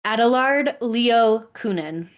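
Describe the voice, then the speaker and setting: A woman on a podcast, taking her time as she walks her co-host through a story. Her delivery is unhurried and measured, and she explains what her research found in a relaxed, chatty way. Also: fairly high pitch. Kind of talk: casual storytelling chat.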